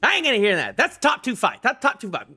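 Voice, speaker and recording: A young man streaming live, ranting excitedly and casually about a manga, rambling with stumbling restarts and the odd swear. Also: extremely high pitch, fast, breathy edge, faint music behind. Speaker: streamer reacting to a manga chapter. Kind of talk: live reaction rant, casual.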